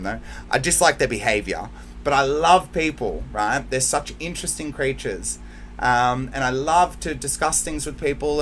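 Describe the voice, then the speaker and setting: A man hosting his channel in an emotional, heartfelt monologue to the camera, near tears, swinging between hushed lines and loud bursts. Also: medium pitch, slight background noise. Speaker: channel host.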